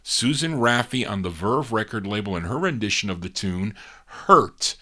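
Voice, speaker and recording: A man's voice: fairly low pitch, lively intonation, normal speed, pushed and bright. A man hosting a live oldies record show, chatting casually between songs, rambling a little and correcting himself as he goes. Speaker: radio show host and DJ. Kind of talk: casual live radio-style record introductions.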